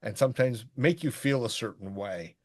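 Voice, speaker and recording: A middle-aged man co-hosting a podcast, chatting casually about a film in a rambling, animated way. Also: mid-range voice, moderate pace. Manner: rambling, animated, bursts into quoted voices. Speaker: podcast co-host. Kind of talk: casual movie review chat.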